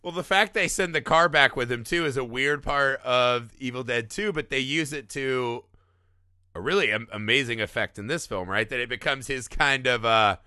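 A man co-hosting a casual film podcast, animated, acting out movie lines as he talks. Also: mid-range voice, normal speed, dry recording, clean studio sound. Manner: animated, quotes movie lines in put-on voices. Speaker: podcast co-host.

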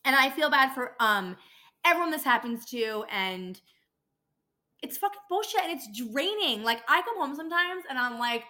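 A woman's voice: sits high, sing-song, moderate pace, pushed and bright. A young adult woman hosting a casual podcast, ranting and swearing freely as she gets worked up. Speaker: podcast host, dental office worker.

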